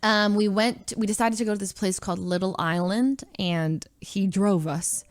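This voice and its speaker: A young woman streamer chats through a story at a mid pitch, animated and quick to laugh. The sound is dry and close, with no room around her. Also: no room sound. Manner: animated, giggly, acts out others' lines. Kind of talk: casual storytelling to stream chat.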